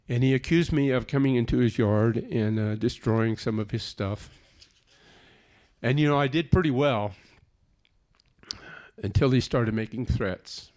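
A man's voice: medium pitch, unhurried, long pauses, a little mellow. A man telling a personal testimony in an earnest, plainspoken storytelling way. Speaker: speaker giving a personal testimony.

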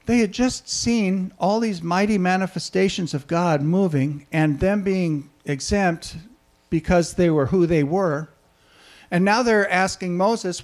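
A man delivers a sermon in a high-pitched voice. He keeps it conversational and often turns to his listeners with questions. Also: measured pace. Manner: conversational, asks the audience questions. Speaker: preacher.

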